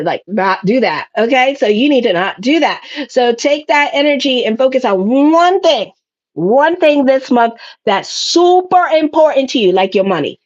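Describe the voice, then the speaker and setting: A woman's voice: medium pitch, animated, moderate pace, dull audio. A middle-aged woman astrologer giving a casual, rambling monthly horoscope reading, chatty and playful, sometimes slipping into little character voices.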